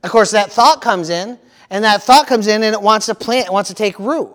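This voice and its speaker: A man preaching a sermon in a church, lively and playful, acting out panicked voices and calling out to the congregation. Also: sits high, fairly quick. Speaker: pastor.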